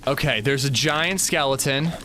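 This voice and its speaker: A man's voice: mid-range voice, moderate pace, pushed and bright, slight background noise. A man streaming a game live, nervously talking himself through a tense climb. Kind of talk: live gameplay commentary.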